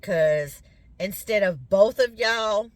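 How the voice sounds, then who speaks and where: A woman's voice: medium pitch, lively intonation, slow pace, no echo. A middle-aged woman with a Southern US accent, chatting casually to her viewers as y'all, her voice a bit congested from sinus drainage. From Louisiana, US. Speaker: vlogger.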